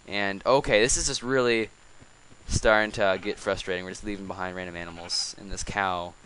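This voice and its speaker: A man hosts a casual video-game let's play, coaxing animals along and griping about them between chatty asides. His voice sits on the low side but has a bright, sharp edge. He sounds exasperated yet talkative throughout. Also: steady tone, brisk, a little hiss or hum, poor audio. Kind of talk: casual gameplay commentary.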